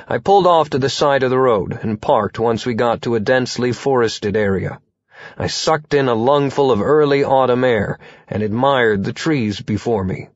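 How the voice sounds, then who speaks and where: A male narrator tells a first-person audiobook with a wry, conversational touch. His pitch is middling, and the booth sound is completely dry. The audio is a little dull. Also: no room sound.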